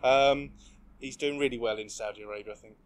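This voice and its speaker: A man's voice: mid-range voice, fairly even intonation, brisk. A man co-hosting a casual football podcast, rambling and hesitant with frequent ums. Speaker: podcast co-host.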